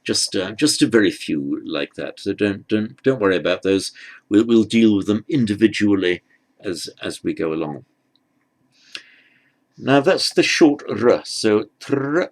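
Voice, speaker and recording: A man teaching script letters, talking haltingly as he writes and repeating words as he goes. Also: fairly low pitch, expressive. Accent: British. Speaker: language teacher. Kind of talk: handwriting lesson.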